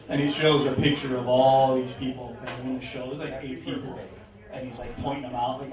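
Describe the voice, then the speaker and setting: Rambling profane comic in an echoey club. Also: male voice, mid-range voice, a little fast, a crowd in the background. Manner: rambling, profane, laughing through punchlines. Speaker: stand-up comedian. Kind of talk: stand-up storytelling. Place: comedy club stage. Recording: roomy, distant mic, audience noise. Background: audience in a club.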